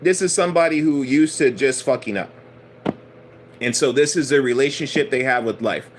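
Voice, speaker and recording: A male spiritual teacher preaching in a loose, conversational way, with an average-pitched voice. He swears freely and drives home each point by repeating it. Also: normal speed, slight background noise. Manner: blunt, profane, emphatic preaching. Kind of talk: casual sermon.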